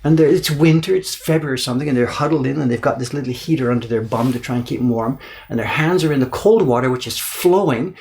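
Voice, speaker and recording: A middle-aged man casually telling an animated story on a livestream, repeating words for emphasis and acting out the people he quotes. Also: mid-range voice, quick pace. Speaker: printmaker and livestream host. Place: indoor workshop.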